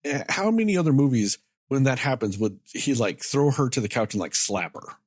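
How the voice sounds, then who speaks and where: A man's voice: medium pitch, animated, brisk, dry recording, clean studio sound. A man co-hosting a movie review podcast, talking casually and animatedly, swearing freely and acting out characters' lines. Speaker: podcast co-host.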